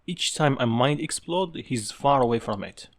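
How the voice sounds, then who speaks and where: A man's voice: mid-range voice, animated, moderate pace. A man narrating a fan story in a casual, offhand way. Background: background music.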